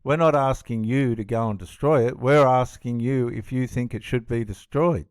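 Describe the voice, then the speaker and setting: A man's voice: mid-range voice, moderate pace, clean tone, dry recording. Aussie guy fired up commenting on a clip, dry close sound, keeps repeating himself. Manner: indignant, emphatic, repeats himself. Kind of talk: reaction commentary.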